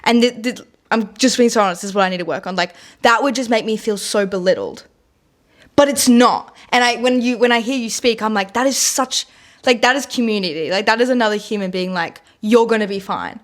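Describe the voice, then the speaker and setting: A young woman co-hosting a podcast, speaking in a casual, candid way. Her voice sits a little high for a woman. She swears freely and leans on "like" as a filler. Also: a little fast. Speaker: podcast co-host. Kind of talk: casual chat.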